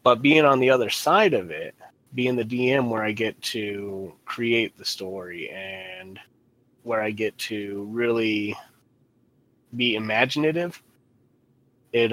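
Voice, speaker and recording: A man's voice: on the low side, fairly bright tone, rough recording. A man who runs a tabletop game, chatting in a laid-back, rambling way. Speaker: dungeon master. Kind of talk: casual chat.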